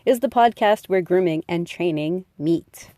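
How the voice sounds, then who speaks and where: A woman's voice: fairly low pitch, a little slow. A woman hosting a podcast on dog grooming and training, talking in a chatty, friendly way and laughing now and then. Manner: friendly, chatty, laughs often, acts out dogs' thoughts. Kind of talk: casual instructional podcast talk.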